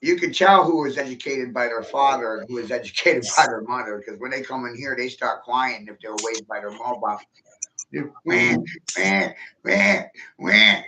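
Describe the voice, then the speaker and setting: A man's voice: mid-range voice, a little fast, hardly any pauses, bright, forceful tone, a little hiss or hum, rough recording. A man holding forth in a blunt, opinionated casual chat. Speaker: host.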